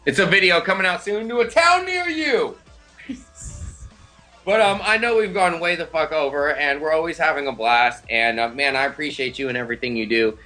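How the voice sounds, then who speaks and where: A man's voice: a little high, lively intonation, normal speed, pushed and bright, soft background music. A man hosting a live-stream show, chatting casually, laid-back and profane, laughing often. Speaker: host.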